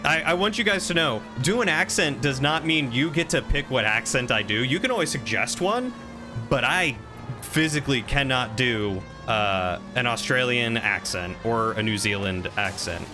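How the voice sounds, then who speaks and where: A man's voice: medium pitch, expressive, normal speed, music in the background. A man from the American South streaming a game, chatting with viewers in a playful, defensive way. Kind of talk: casual gameplay chat with viewers.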